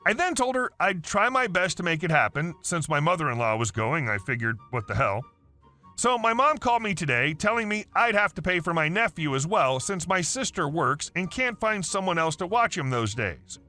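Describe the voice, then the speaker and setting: A man narrating online stories aloud in a steady reading manner, spelling out abbreviations. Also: a little high, moderate pace, soft background music.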